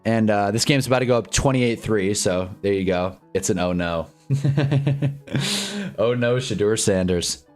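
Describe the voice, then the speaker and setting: A man hosts a live football stream, rambling through casual commentary, reading chat and getting loud and excited over big plays. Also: lowish voice, unhurried, faint music behind.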